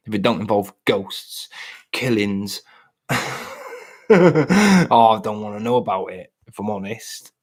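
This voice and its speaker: A British man in his late thirties to forties, chatting casually and ramblingly to his live stream viewers, self-deprecating. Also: on the low side. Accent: British English.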